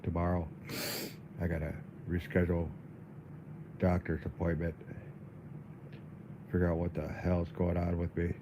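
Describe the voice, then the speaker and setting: A man livestreaming in a casual, halting way, dizzy and weak, often repeating his words. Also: low-pitched, completely flat delivery, background noise. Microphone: phone.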